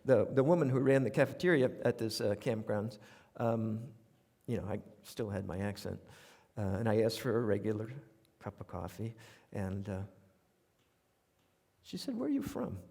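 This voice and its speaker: An older male radio commentator with a New York accent performs his essays on stage, his voice on the low side and his speed normal. His humorous storytelling monologue is wry and conversational with animated asides, delivered to a live theater audience and recorded with long reverb.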